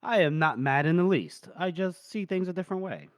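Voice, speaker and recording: A man's voice: high-pitched, lively intonation, brisk, no room sound, clean studio sound, pitched above the performer's own voice. A man voicing an eccentric mystic male warrior in a quacky, duck-like voice. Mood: earnest.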